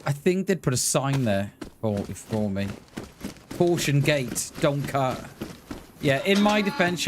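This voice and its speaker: While streaming a game, a man from Wales chats casually with his viewers, laughing often and thanking people for donations. His voice is on the high side, and the background is noisy.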